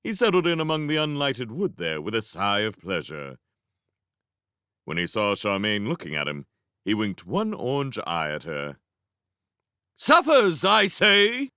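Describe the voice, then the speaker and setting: A man reading a novel chapter aloud as a fan reading, narrating in an animated way. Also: on the low side, normal speed, clear, resonant tone, no room sound, clean studio sound. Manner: animated, voicing each character. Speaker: reader. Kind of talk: storybook narration.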